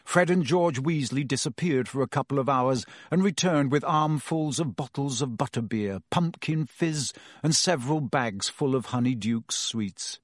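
A man reading a story aloud as an audiobook narrator, with a lively, dramatic delivery. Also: mid-range voice, moderate pace, no room sound, clean studio sound.

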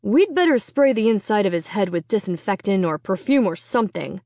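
A woman voicing a practical, level-headed father who speaks in a calm, matter-of-fact way. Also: medium pitch, fairly quick, dry recording, clean studio sound.

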